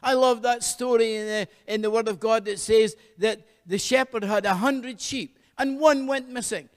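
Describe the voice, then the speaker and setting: High voiced pastor guy preaching, fervent, lots of hallelujahs, echoey hall. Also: steady tone, moderate pace. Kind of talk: sermon.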